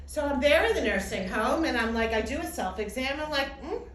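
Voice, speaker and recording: High-voiced woman telling her story in echoey hall. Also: a little fast. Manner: animated storytelling with acted-out quotes. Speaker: speaker giving a talk. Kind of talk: personal testimony talk. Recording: echoey hall, distant mic, faint noise.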